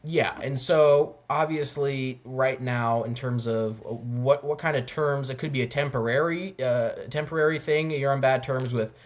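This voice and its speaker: A man co-hosting a casual sports podcast, speaking haltingly with many repeated words and restarts. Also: medium pitch. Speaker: podcast co-host. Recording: slightly dull lo-fi mic.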